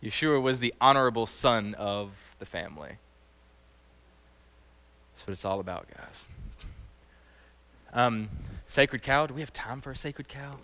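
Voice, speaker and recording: A man giving an animated, conversational sermon as a teacher, often quizzing his audience. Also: mid-range voice, normal speed, long pauses. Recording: long hall reverb.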